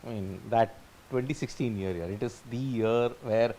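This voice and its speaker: A man's voice: medium pitch, normal speed, warm tone, slight background noise, low-quality recording. A man, joking and rattling off cricket stats in casual panel chat.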